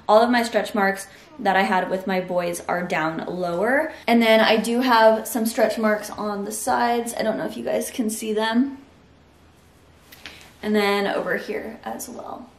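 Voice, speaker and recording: A woman's voice: medium pitch, steady tone, unhurried, recorded from a distance. A young woman talking candidly and reassuringly to camera in a casual vlog. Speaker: vlogger. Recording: roomy echo, a bit off the mic.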